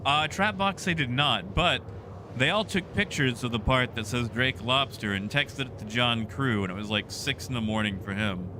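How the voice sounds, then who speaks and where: A man's voice: medium pitch, normal speed. A man streaming a game, chatting casually and answering viewers by name. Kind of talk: casual live-stream chat. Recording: noisy background.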